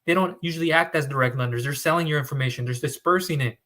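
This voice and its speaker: A man's voice: on the high side, quick pace, pushed and bright. A man who works as a business loan broker, talking straight to his audience in an emphatic, repetitive, conversational way. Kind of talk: direct-to-camera advice talk.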